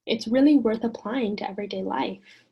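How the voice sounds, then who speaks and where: A woman teaching an online lesson in a gentle, encouraging way, often putting questions to the listener. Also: on the high side, moderate pace, vocal fry, husky, dull audio.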